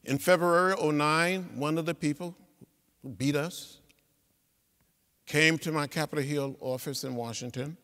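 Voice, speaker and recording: A man, giving an inspirational speech in a rhythmic, preacher-like cadence with repeated phrases that swell to loud peaks. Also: on the high side, measured pace, long pauses. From Alabama. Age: 70s. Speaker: guest speaker. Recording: long reverb of a big hall.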